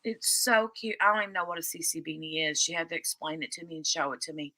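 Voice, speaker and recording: A woman's voice: deep voice, fast, bright, forceful tone, no room sound. A woman co-hosting a casual live craft stream, chatting playfully and reading out viewer comments, a little sleepy after a big meal. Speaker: livestream co-host.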